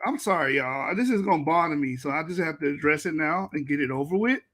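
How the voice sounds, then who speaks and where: A man's voice: a little high, lively intonation, fast, a bit bright. A man commentating on a debate clip in a casual, mocking way, laughing often and swearing. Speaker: reaction commentator.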